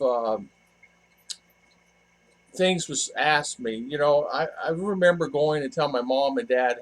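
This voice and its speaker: Man, middle-aged, rambling, reflective, halting, home podcast microphone. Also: medium pitch. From United States. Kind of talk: casual personal storytelling.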